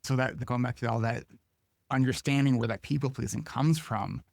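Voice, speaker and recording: A man hosting an interview podcast, asking questions and responding in a calm, supportive way. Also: medium pitch, moderate pace, vocal fry, no room sound. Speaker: podcast host. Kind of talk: conversational interview.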